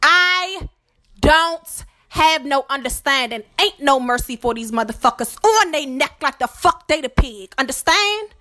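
Woman, podcast host, profane rant, high pitch, bright tone. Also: animated, normal speed, hardly any pauses. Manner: profane, heated, repeats "okay?" as a tag. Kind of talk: ranting monologue to camera.

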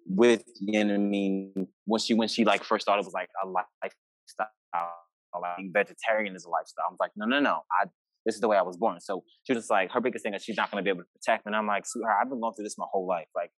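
A young man talks fast in a lowish voice, a guest in a casual podcast chat. He tells stories with lively acted-out quotes and swears freely. His voice sounds dry and close to the mic. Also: dry recording. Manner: animated storyteller, acts out quoted family lines, swears freely.

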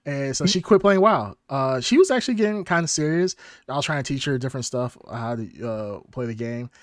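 A man hosting a podcast, telling funny home stories in a loose, animated way, laughing and swearing often. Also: medium pitch, fairly quick, no echo, studio quality. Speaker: podcast host. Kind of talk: casual storytelling chat.

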